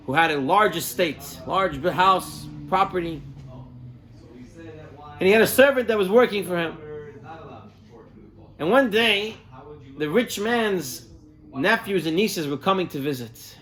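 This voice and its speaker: Brief: male rabbi, sermon delivery, higher-than-usual voice, animated storyteller weaving in Hebrew words. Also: measured pace, pauses often.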